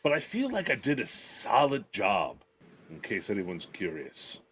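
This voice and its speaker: Guy rambling through his turn in a tabletop game, lowish voice, self-deprecating. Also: wildly swooping pitch, a little slow, crowd noise. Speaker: player. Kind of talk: casual tabletop game chat.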